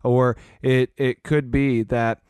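A man's voice: medium pitch, little pitch movement, slow pace, darkish tone, clean tone, dry recording. Earnest male podcast host, dry sound. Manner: earnest, rambling with restarts and fillers. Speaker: podcast host, church leader. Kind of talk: casual podcast chat.

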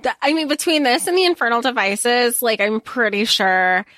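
A woman's voice: fairly high pitch, lively intonation, normal speed, fairly bright tone, no room sound, studio quality. A woman co-hosting a podcast, gushing with enthusiasm about a book in casual chat. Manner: enthusiastic, gushing, trails off and restarts. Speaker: podcast co-host.

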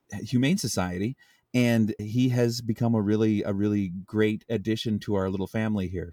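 A man's voice: lowish voice, darkish tone, no room sound, clean studio sound. A man co-hosting a podcast, telling a rambling, self-interrupting story in casual chat. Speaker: podcast co-host.

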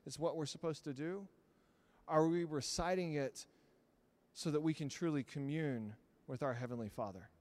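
A man preaches to his congregation in a church sanctuary. His voice sits a little high, and his sermon swings between quiet, slowed storytelling and loud, emphatic bursts. He talks like a pastor leading his own church.

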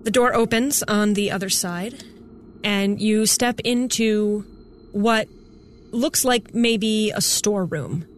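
A woman's voice: mid-range voice, takes it slowly, a little hiss or hum. A woman narrating a tabletop game as game master, in a casual way full of fillers. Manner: casual, with many "like" and "kind of" fillers.

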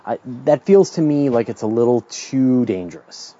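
A man's voice: medium pitch, animated, normal speed, dark tone, lo-fi sound. A middle-aged Canadian man hosting a question-and-answer podcast, explaining science in a casual, chatty way with restarts and asides. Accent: Canadian English.

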